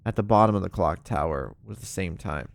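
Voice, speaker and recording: A man with a fairly low voice chats casually on a live stream while playing a puzzle game. He rambles, fills pauses with ums and laughs often. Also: vocal fry.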